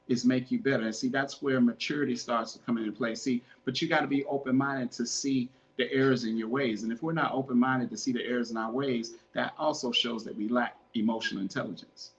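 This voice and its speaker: A man's voice: medium pitch, fairly even intonation, fairly quick, muffled recording. Earnest man giving relationship advice. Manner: earnest, repetitive, preachy; calls listeners "man". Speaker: podcast host. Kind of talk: casual advice talk.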